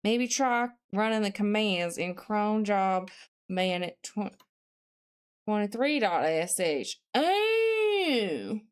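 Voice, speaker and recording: A woman's voice: medium pitch, slow pace, clear, resonant tone. A woman streamer chatting casually on a live stream, reading chat messages aloud, answering them, and thinking aloud while she studies.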